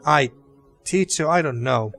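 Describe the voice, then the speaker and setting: A man's voice: on the high side, unhurried, creaky, fairly bright tone, pitched above the performer's own voice. A man voicing a hurt, bitter young woman who was once a student, reading game dialogue aloud with slight emphasis.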